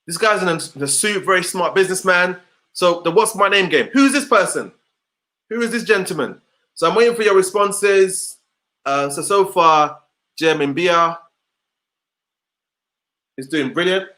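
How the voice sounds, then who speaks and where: A man's voice: high voice, normal speed, pauses often, sharp tone. A man giving an online motivational session over a video call, repeating rhetorical questions to his audience. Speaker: motivational speaker.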